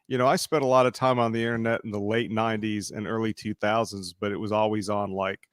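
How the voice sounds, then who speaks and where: Middle-aged dude rambling and cussing, dead dry mic. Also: male voice, lowish voice, little pitch movement, fast, no echo. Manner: rambling, hesitant, blunt with swearing. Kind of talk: casual chat.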